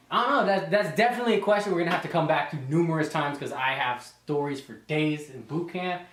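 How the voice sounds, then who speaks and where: A man's voice: a little high, roomy sound, background noise. A young man in his twenties casually telling profane boot camp stories, laughing and acting out drill instructors, between sets in a gym. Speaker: fitness vlogger and reservist. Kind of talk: casual storytelling chat. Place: gym, indoors.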